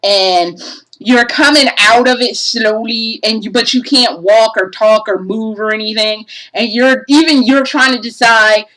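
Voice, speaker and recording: A woman's voice: on the high side, a little slow, a bit bright, low-quality recording. A woman giving a casual game review, profane and exasperated, ranting animatedly.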